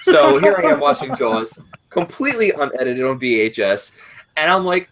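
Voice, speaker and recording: Guy in his 30s going off on a sweary rant, rambling, mid pitch. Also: normal speed. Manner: profane, rambling, animated storytelling. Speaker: podcast co-host. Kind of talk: casual ranting chat.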